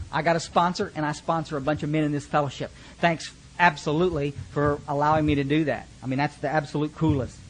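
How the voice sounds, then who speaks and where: Husky high-voiced Texan man sharing his story. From Texas, USA. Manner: folksy, joking, lots of restarts. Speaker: recovery meeting speaker. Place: recovery fellowship meeting.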